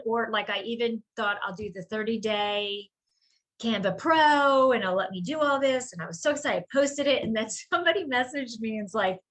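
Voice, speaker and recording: A woman who runs a small business, chatting casually on a group video call and telling a rambling, animated story. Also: fairly high pitch.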